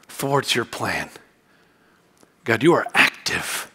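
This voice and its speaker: A man preaching a sermon as a church pastor, swinging from quiet, low reflection to loud, fervent exhortation. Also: measured pace.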